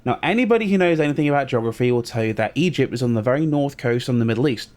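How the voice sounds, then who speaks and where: A man's voice: medium pitch, expressive, rapid-fire, darkish tone. A man with a British accent, co-hosting a podcast and telling a chatty anecdote in casual conversation. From Britain. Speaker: podcast co-host. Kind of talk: casual chat.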